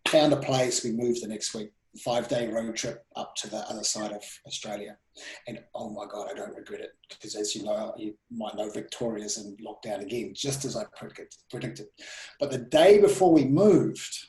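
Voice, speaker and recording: A man guesting on a podcast as a presenting mentor, telling personal stories in a casual, animated way, his voice rising and dropping sharply. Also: medium pitch, echoey room, low-quality recording. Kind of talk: casual storytelling interview.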